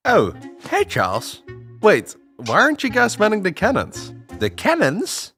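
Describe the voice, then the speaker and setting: A woman's voice: mid-range voice, huge pitch swings, unhurried, fairly bright tone, faint music behind, full character voice. A woman doing a cheeky cartoon soldier.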